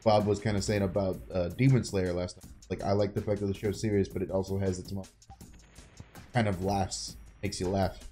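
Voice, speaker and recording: A man with a dark, mellow voice chats loosely about a film on a podcast, cursing freely. He retells scenes by acting out the characters' lines, and his speech stays easygoing and unpolished. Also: low voice, little pitch movement, brisk, soft background music. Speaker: podcast co-host. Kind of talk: casual movie review chat.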